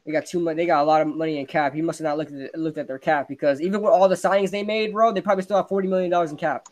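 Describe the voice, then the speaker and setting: Excitable young man ranting about football. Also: fairly high pitch, racing. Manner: excitable, ranting, laughs often. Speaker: podcast host. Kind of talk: casual sports chat.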